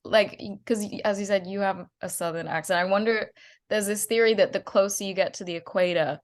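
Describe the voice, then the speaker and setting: A woman's voice: mid-range voice, fairly quick. Chatty Australian woman in her twenties. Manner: chatty, laughs often. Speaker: guest actress. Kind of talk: casual interview chat.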